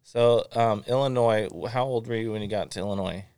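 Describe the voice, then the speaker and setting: A man in his forties from Florida hosting a casual chat, telling stories in an animated, joking way. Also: fairly low pitch, a little fast, smooth, no room sound, studio quality. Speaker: podcast host.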